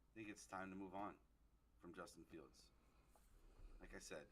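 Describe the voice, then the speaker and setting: A man's voice: low voice, fairly even intonation, normal speed, a bit bright, a little hiss or hum. A man co-hosting a casual sports talk podcast, offering counterpoints in short remarks.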